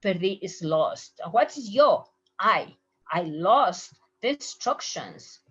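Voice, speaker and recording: Woman language teacher, unhurried, bouncy intonation, repeats phrases, muffled lo-fi sound. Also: medium pitch, very animated, fairly bright tone, slightly rough. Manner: slow, explains and repeats phrases in both languages. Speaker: Spanish teacher. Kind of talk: slide-based language lesson. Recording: muffled lo-fi recording.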